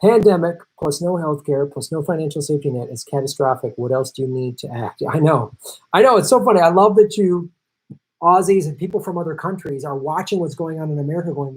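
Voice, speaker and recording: A man's voice: on the high side, lively intonation, a little fast, slightly rough, rough recording. Sarcastic, profane man hosting a live stream. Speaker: political show host. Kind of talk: live-stream commentary reading viewer chats.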